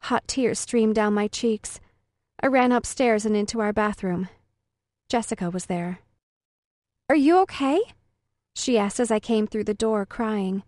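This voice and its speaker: A woman's voice: mid-range voice, fairly even intonation, measured pace, a little mellow, no room sound, studio quality. A woman narrating a first-person story in an earnest, emotional way. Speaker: audiobook narrator.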